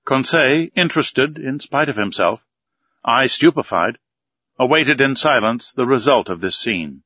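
A man reading a classic adventure novel aloud in a measured, even storytelling manner. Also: mid-range voice, husky, dry recording, lo-fi sound. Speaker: audiobook narrator. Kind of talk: scripted narration of a classic novel.

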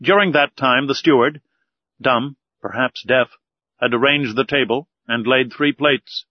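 A man narrating a classic novel aloud in a measured, deliberate reading. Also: medium pitch, dry recording. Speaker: audiobook narrator. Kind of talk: scripted narration. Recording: dull, lo-fi recording.

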